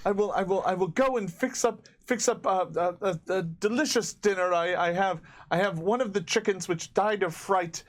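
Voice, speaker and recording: Man voicing a farm woman, high-pitched, effusive, stammering, breathless. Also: normal speed, hardly any pauses, natural voice. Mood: flustered. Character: overjoyed farm woman, gushing zealot.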